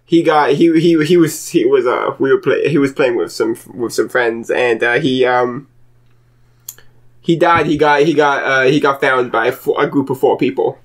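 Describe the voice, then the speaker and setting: A man in a casual podcast chat who tells a story haltingly, stumbling and restarting often. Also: mid-range voice.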